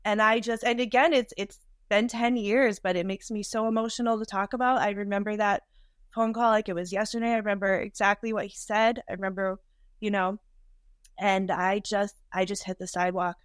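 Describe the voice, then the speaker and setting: A woman in her thirties recounts a painful memory as a podcast guest, her voice pitched in a middling range. She talks in a halting, emotional way, circling back and restarting her sentences. The sound is dry and close, with no room around it. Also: steady tone, clean tone, no room sound. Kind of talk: personal storytelling interview.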